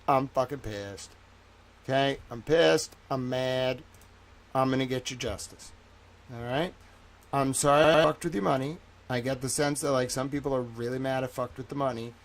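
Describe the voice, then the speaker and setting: Gravelly man pleading in a heated rant. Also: medium pitch. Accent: Boston. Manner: pleading and repetitive, swearing, slows to stress each word. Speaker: livestream host. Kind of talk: impassioned solo livestream rant.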